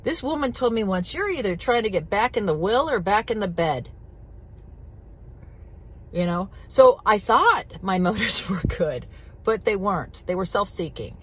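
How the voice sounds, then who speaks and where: A woman's voice: mid-range voice, lively intonation, moderate pace, breathy edge. A middle-aged woman coaching addiction recovery, talking bluntly and directly, with emphatic repetition and casual swearing. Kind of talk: casual teaching talk to camera.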